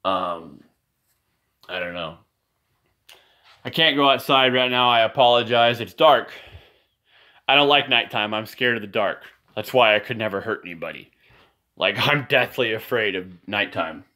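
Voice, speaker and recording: A man's voice: fairly low pitch, moderate pace, long pauses, sharp tone. A man talking casually to the camera at home, rambling from thought to thought and often apologizing. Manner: profane and ranting at times. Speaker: father filming a video message. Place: indoors at home, in a room with a nightlight.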